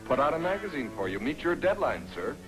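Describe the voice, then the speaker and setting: An actor playing a dry, quick-witted army sergeant in a 1950s film comedy who gives the orders. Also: male voice, a little high, big pitch swings, over music, low-quality recording. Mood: wry. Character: wry, take-charge male army sergeant.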